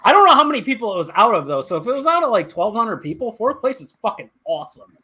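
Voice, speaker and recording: A man co-hosting a casual podcast chat. His voice bounces all over the place and rings clear and bright as he teases friends and spins jokey stories. He is talking into a home mic over a call. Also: high-pitched, sing-song, fast. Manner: joking, teasing storyteller. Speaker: podcast co-host.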